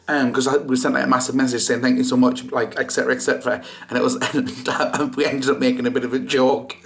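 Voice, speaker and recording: A man's voice: medium pitch, level tone, fast, slight background noise. A man vlogging at home at night, chatting casually and tripping over his words with restarts. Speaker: vlogger, co-host. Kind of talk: casual chat.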